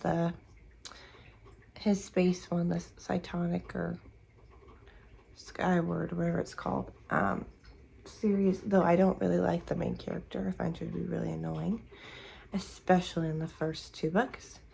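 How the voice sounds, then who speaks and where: Sleepy woman with a creaky voice. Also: on the low side, normal speed, dark tone, poor audio. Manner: rambling, searching for words with many fillers. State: sleepy and tired, yawning. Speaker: book vlogger. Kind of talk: casual morning chat to camera. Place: at home in the morning.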